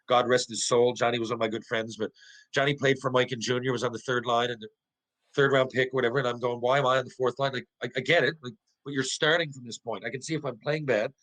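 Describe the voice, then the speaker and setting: Poor audio captures a middle-aged man with a mid-range voice, once a professional hockey player, now a podcast guest. He's animated and swears freely while telling stories conversationally, restarting often and asking rhetorical questions.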